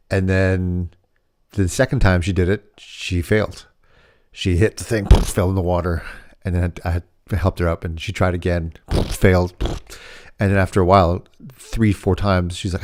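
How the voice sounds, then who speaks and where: A man's voice: deep voice, a little mellow. A man co-hosting a parenting podcast, telling a personal story in casual chat and acting out the dialogue. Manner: storytelling, acts out quoted dialogue. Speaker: podcast co-host.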